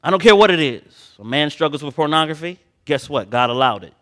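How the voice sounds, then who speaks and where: A man preaching a sermon, reading scripture slowly and swinging between loud emphatic passages and quiet personal asides. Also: fairly high pitch. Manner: slow drawn-out Bible reading.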